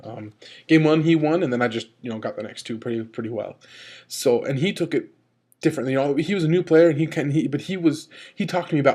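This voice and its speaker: A man's voice: brisk, darkish tone, slightly rough. Rambling man ranting to camera. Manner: rambling, heavy use of "like" and "you know"; gets worked up, pitch jumping up when annoyed. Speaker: video blogger. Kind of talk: casual unscripted rant to camera.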